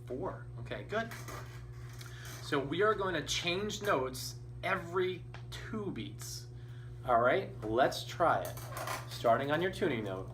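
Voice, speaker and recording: A man's voice: on the high side, animated, a little slow, a bit bright. A man teaching a beginner band lesson, patient and encouraging, counting beats aloud. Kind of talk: instrumental lesson. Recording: distant mic with faint noise.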